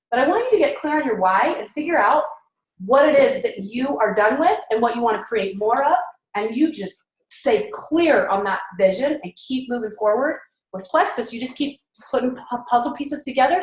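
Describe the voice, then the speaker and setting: Upbeat rallying woman in an echoey room. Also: on the high side. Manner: rallying, upbeat, pushes the audience to commit. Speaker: mindset trainer. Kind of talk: motivational training talk. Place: meeting room with a live audience.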